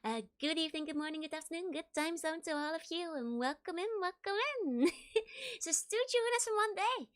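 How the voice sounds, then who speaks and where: Giggly high-voiced young woman streamer. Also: brisk, a bit bright. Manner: giggly, laughs often, repeats greetings. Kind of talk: casual livestream chat greeting viewers.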